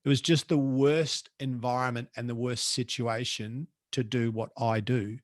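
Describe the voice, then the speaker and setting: A man's voice: mid-range voice, a little slow, dry recording, clean studio sound. Blunt Australian man telling stories. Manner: blunt, colloquial, animated storyteller. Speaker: guest, professional speaker. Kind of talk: casual storytelling.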